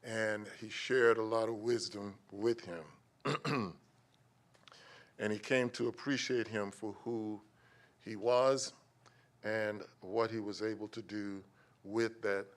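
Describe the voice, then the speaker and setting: An older man leads a prayer at a public meeting, his voice sitting on the low side. He speaks in a rhythmic, preacherly cadence and lifts his emphasis on key words. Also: fairly even intonation, takes it slowly, long pauses. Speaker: invocation speaker at county meeting. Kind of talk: spoken invocation and prayer. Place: county commission meeting chamber.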